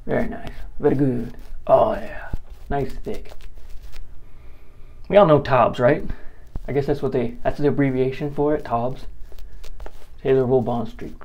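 A man's voice: mid-range voice, unhurried, pauses often, dull audio. A man chatting casually and laughing as he vlogs a shave. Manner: laid-back, chuckling, rambling. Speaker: shaving vlogger. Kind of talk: casual vlog chat while shaving.

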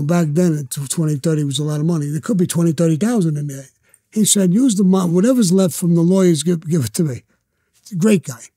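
A man's voice: a little high, warm tone, no echo, clean studio sound. An older man with a Brooklyn accent, telling long profane street stories bluntly as an interview guest. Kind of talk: storytelling interview.

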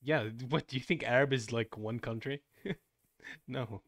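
A man's voice: mid-range voice, no echo, studio quality. A young man streaming as a VTuber, chatting casually while playing a game with a friend. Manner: chatty, quick shifts between loud and soft. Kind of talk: casual gaming chat.

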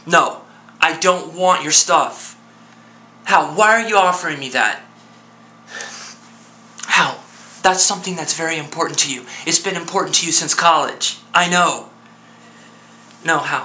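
A man's voice: on the high side, bright, forceful tone, slight background noise. A man playing an earnest, worried friend on the phone. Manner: earnest, coaxing, insistent. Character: worried male friend pleading with a despairing man. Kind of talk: one-sided phone call drama.

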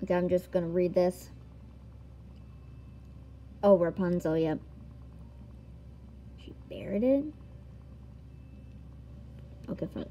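Giggly woman gamer, mellow voice. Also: lowish voice, slow, long pauses. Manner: giggly, reads game text aloud, exclamatory. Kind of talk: let's-play commentary.

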